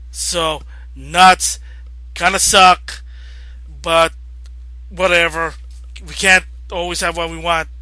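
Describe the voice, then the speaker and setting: A man vlogging about video games, rambling casually and growing agitated and loud as he rants. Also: sits high, dry recording. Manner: rambling, grows agitated and loud when ranting. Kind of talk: casual opinion vlog rant.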